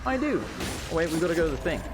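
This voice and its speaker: A gaming channel host delivers casual let's play commentary over music, rambling and chatty and swearing freely as he plays a video game. His voice is fairly high, with big pitch swings, and he talks very fast.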